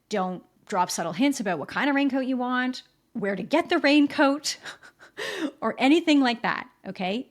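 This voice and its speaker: Gravelly-voiced woman podcast host. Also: medium pitch. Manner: chatty, checks in with listeners. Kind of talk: candid solo podcast talk. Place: home in a rainy city.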